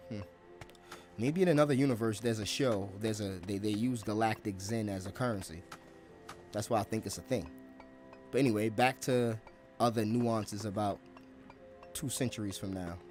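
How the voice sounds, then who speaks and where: A man's voice: fairly low pitch, darkish tone. A man livestreaming a game, riffing casually in a laid-back, slangy, joking way. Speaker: gaming livestreamer. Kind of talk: casual comedic rambling.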